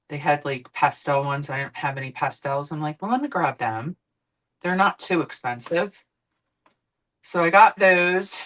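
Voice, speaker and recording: Chatty woman with a bright voice. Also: low voice, rough recording. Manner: rambling, chatty, swears casually. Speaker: streamer. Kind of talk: casual chat while cooking.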